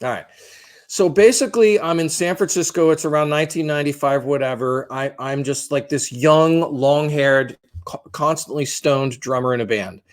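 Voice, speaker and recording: A man's voice: a little high, normal speed. A man in his fifties co-hosting a podcast, telling a long story in a rambling, profane, self-deprecating way. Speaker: podcast co-host.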